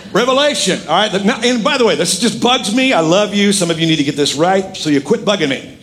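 Animated, joking middle-aged male pastor. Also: high-pitched, quick pace, a little hiss or hum. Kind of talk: sermon.

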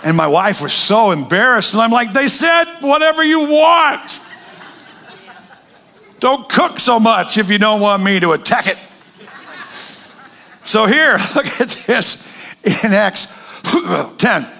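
A man preaching a sermon, telling stories with jokes and acted voices. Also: high voice. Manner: joking, animated storytelling with acted voices. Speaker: pastor.

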